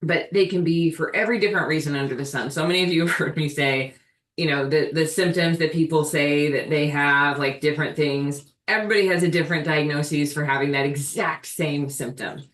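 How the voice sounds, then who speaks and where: A woman's voice: low-pitched, a little fast, fairly bright tone. Woman, ministry host, live video Q&A, earnest, conversational, echoey room, distant mic. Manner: earnest, conversational, thinking aloud. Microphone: video call.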